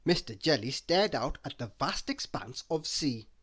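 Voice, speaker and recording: A man reading a children's bedtime story aloud, slow and expressive. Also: medium pitch.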